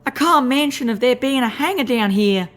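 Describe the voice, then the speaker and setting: A man voicing a male pony whose voice has gone high and squeaky, talking in a gruff country drawl. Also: animated, moderate pace, a bit bright. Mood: urgent. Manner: gruff, grumbling, folksy drawl. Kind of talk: audiobook character voice.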